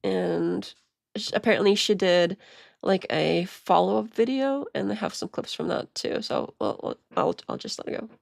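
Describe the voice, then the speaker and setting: A woman streamer chatting casually as she reacts to videos, rambling with stammered restarts and quiet muttered asides. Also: medium pitch, normal speed, vocal fry, dry recording, studio quality. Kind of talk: casual live-stream commentary.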